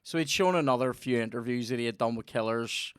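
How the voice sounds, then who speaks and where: Young Northern Irish podcast host, mid-pitched, animated sweary anecdotes, dry close mic. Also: male voice, fast, clear, resonant tone, no room sound. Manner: swears a lot, tells animated stories. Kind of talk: casual chat.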